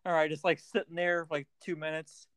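Smooth-voiced young man, casual podcast. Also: a little high, flat delivery, fairly quick, fairly bright tone, dry recording. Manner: laid-back anecdotes, acts out quotes of friends. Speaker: podcast co-host. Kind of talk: casual chat.

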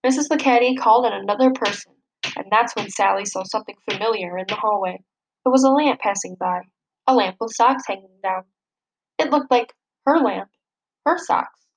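A woman reading a children's picture book aloud in a lively, expressive way. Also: medium pitch, brisk, a little hiss or hum, poor audio. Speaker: storybook reader. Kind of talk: children's story read-aloud.

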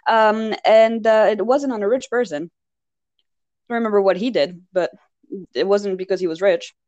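A woman's voice: mid-range voice, normal speed, darkish tone, no echo, muffled recording. A woman from France, co-hosting a casual chat and telling rambling anecdotes full of fillers and laughs.

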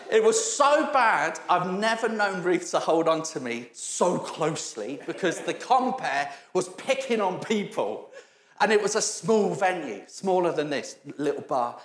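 A man preaching a sermon, telling funny stories, acting out the voices of the people in them and laughing often. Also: on the high side. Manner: storytelling, acts out quoted voices, laughs often. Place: church hall. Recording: echoey church hall.

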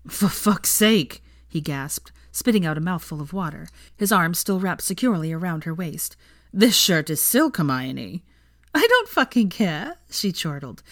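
Brief: female reader, low voice, dry close recording, calm narration. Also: no room sound. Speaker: fan fiction reader. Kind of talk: audiobook narration.

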